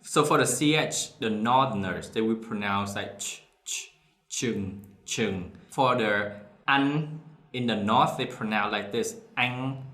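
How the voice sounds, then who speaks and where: Slow, bright Southern Vietnamese man teaching. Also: on the low side, roomy sound. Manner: explains slowly, models words for repeating. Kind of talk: pronunciation lesson.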